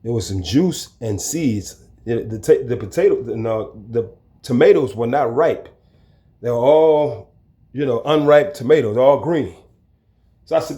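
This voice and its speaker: A man telling a story from his own life in a casual, lively way, acting out the people in it. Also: mid-range voice, moderate pace. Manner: animated, acts out the people in his story, chuckles. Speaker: storyteller recounting his prison time. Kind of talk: casual spoken storytelling to camera.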